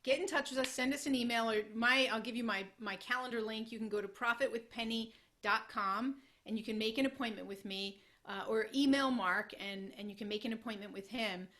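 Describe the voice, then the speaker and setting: Brief: woman webinar co-presenter, encouraging, bright and fairly high voice. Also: fairly quick, few pauses. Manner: upbeat, encouraging. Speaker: productivity consultant and co-presenter.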